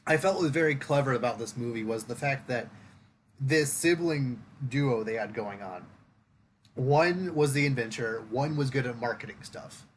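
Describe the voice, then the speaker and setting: A podcast host, a man with a voice in the middle of the usual range, reviews a movie in casual conversation. He builds his points slowly, pausing with "um" and "like". Faint noise sits under his voice. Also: mid-range voice. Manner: thoughtful, explains at length with fillers.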